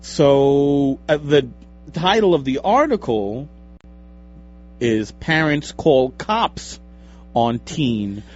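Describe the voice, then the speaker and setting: A man from Long Island co-hosting a casual radio chat show, rambling and joking with halting restarts. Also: mid-range voice, animated. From Long Island, New York. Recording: dull lo-fi radio recording with faint music.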